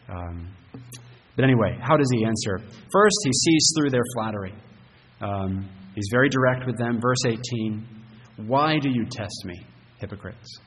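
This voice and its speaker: A man's voice: fairly low pitch, in a large hall, a little hiss or hum, poor audio. A male pastor preaching a sermon, talking conversationally with rhetorical questions and frequent restarts.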